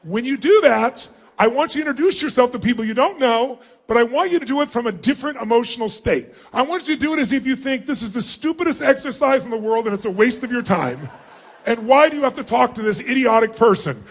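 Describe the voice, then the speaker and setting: A middle-aged man giving a motivational seminar to a large crowd in a hall, commanding and often yelling instructions. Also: very high-pitched, lively intonation, quick pace. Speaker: motivational speaker. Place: large hall with thousands of people.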